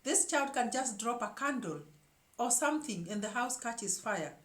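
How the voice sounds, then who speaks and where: A woman's voice: fairly high pitch, expressive, moderate pace, a bit bright. A woman hosting her own show, telling a story to her viewers in an emphatic way and often repeating words as she searches for the next one. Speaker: show host. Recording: echoey room.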